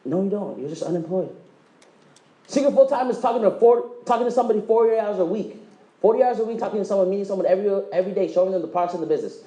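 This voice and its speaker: A man giving a motivational sales presentation, joking and quizzing the audience, acting out quick dialogues. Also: high-pitched, expressive, mellow, echoey room, rough recording. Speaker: presenter at a direct-sales meeting. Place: meeting room with live audience.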